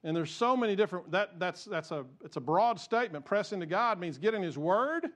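A pastor preaches fairly quickly in a high, fairly bright voice with lively intonation. The sermon feels earnest and conversational, with many of his sentences restarted midway.

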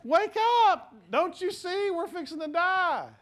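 A preacher acting out frightened disciples shouting in alarm during a storm. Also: male voice, very high-pitched, animated, measured pace, pitched above the performer's own voice, exaggerated voice. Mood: panicked.

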